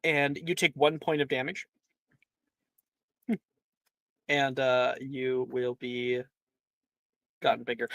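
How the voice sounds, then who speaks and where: Bright-voiced game master, dry sound. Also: male voice, medium pitch, little pitch movement, slow pace, creaky, long pauses, no echo. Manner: chatty, laughs often, many fillers. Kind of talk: narrating a tabletop game.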